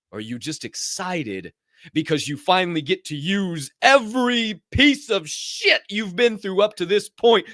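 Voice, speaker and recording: A man's voice: high voice, fairly bright tone, no echo, clean studio sound. A man hosting a motivational podcast, talking intensely and preachily and swearing freely. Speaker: podcast host.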